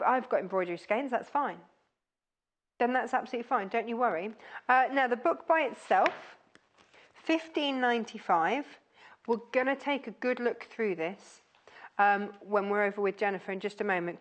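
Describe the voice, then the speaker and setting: A woman presenting craft products on a shopping channel, chatty and gushing with plenty of fillers. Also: a little high.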